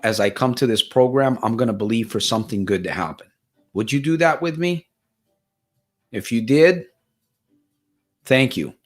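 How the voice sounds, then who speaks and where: A man's voice: mid-range voice, animated, normal speed, long pauses. A man from Stockton, California hosting a live-stream Q&A as a motivational life coach, earnest and repetitive, often restarting and repeating his phrases.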